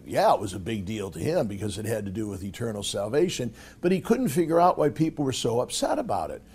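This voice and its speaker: Low-voiced churchman in conversation. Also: very animated, darkish tone, slightly rough. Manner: conversational, halting with fillers. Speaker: cardinal. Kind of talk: interview commentary.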